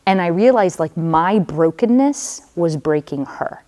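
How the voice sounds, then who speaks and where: A woman with a fairly low voice tells her own story to a room of students. She is a religious sister and talks to them directly, like a conversation. She uses casual fillers as she goes. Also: lively intonation, measured pace, warm tone. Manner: conversational storytelling, speaks straight to the audience. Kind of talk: personal testimony talk.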